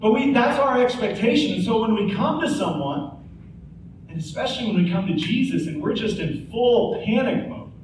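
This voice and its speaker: Pastor in his forties, earnest conversational sermon, bright high voice, heard from afar in a roomy hall. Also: animated, normal speed, a little hiss or hum. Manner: earnest, conversational preaching with rhetorical questions. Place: church sanctuary. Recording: echoey hall, speaker far from mic.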